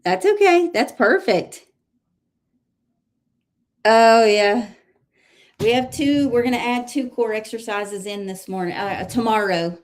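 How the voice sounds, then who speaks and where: A woman with a Southern US accent leading a live exercise class, counting reps and giving steady cues, heard from a distance in an echoey room. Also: a little high, slow, long pauses. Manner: counts reps aloud, encouraging cues, clears throat often. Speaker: fitness instructor. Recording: roomy echo, voice from far off.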